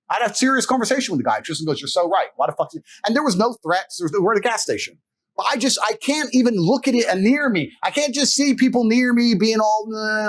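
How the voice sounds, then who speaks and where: A man with a slightly high voice talks as an interview guest. His delivery is blunt and emphatic, full of swearing, as he tells stories casually. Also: low-quality recording.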